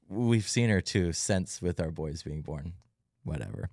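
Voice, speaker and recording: A young man co-hosting a faith podcast, calmly telling of his child's difficult birth in a reflective, halting way with many fillers. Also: deep voice, a little hiss or hum. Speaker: podcast co-host. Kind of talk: casual testimony chat.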